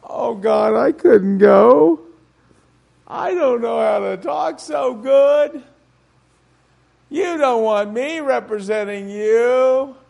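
A man's voice: very high-pitched, extremely slow, creaky, darkish tone, full character voice. A man preaching, voicing Moses as a nervous man who pleads and whines. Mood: whining. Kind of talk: sermon.

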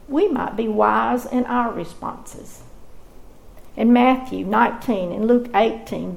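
Gravelly-voiced woman teaching scripture. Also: fairly high pitch, a little mellow, low-quality recording. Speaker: Bible teacher.

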